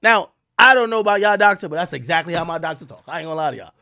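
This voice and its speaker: A young man hosting a commentary show delivers a sarcastic, animated rant at a racing clip. His high, bright voice jumps everywhere, swinging from loud mocking outbursts to low asides. The sound is dry and close, with no room echo.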